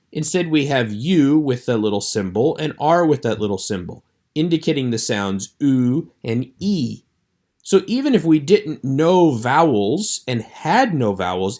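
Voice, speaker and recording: A man teaching a recorded online lecture with a measured, explanatory delivery. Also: mid-range voice, a little mellow.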